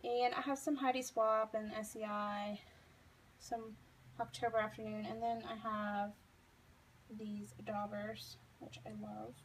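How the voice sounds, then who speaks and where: A woman's voice: medium pitch, little pitch movement, a little slow, a little hiss or hum, rough recording. A woman in her thirties giving a casual, chatty tour of her home craft room, filming as she talks, with lots of fillers and self-deprecating asides. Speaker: craft vlogger.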